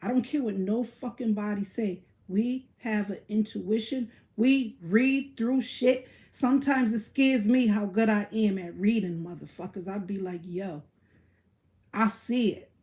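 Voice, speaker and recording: Slow-talking blunt woman ranting on a livestream. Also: mid-range voice, steady tone, a little mellow. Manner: blunt, profane, boastful. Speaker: livestream host. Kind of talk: casual livestream rant.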